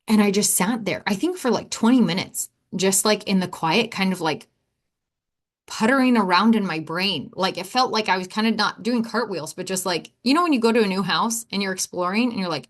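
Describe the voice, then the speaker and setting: A woman's voice: medium pitch, fast. A woman hosting a podcast, telling a personal story in a candid, rambling way, full of asides and acted-out quotes of herself and others. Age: adult, four and a half years sober. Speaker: podcast host.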